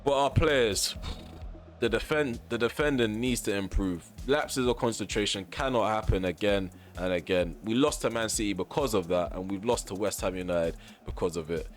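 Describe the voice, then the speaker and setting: A young man commentating on his football video game, ranting at the referee, then calmly recapping for viewers. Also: on the low side, moderate pace, soft background music. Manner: exasperated ranting at the referee, shouting. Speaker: gaming YouTuber. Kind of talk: gameplay commentary.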